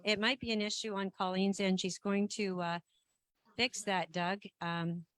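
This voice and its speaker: A woman chairing a formal council meeting in a meeting room, speaking in a measured way with frequent ums and restarts. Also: medium pitch, flat delivery, a bit bright, dry recording.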